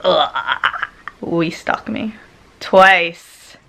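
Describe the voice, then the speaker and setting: A woman vlogger telling a personal story in a casual way, laughing often and swinging between loud and hushed tones. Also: on the low side, very slow.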